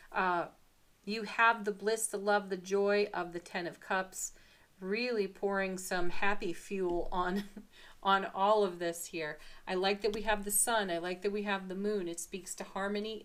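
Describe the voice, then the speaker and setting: A cheerful woman talks through a daily tarot reading. She sounds happy and giggly, and she lays out affirmations slowly and softly, with pauses between the words. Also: mid-range voice. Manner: warm, giggly and upbeat; soft affirmations with drawn-out pauses. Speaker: tarot reader.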